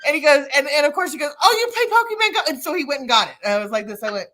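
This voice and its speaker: A middle-aged woman telling stories in casual chat, acting out the quotes with lively energy. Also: high-pitched, very fast. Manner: animated storyteller, acts out quotes.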